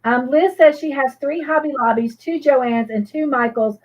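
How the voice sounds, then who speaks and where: A woman's voice: sits high, moderate pace, poor audio. A woman co-hosting a live crochet show, chatting casually and reading viewers' comments aloud with gushing reactions.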